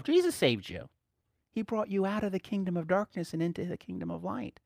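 Animated, chuckling male preacher. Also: high-pitched, fast talker, vocal fry, no room sound, clean studio sound. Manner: animated, rhetorical questions, frequent chuckles. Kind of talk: teaching sermon to a small group.

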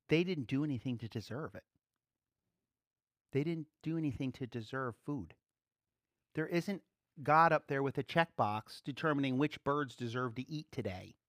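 Lively, chatty preacher with a dry sound. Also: mid-range voice, no room sound. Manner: animated, acts out little voices and quotes; chuckles often, informal. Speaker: pastor. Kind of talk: conversational sermon.

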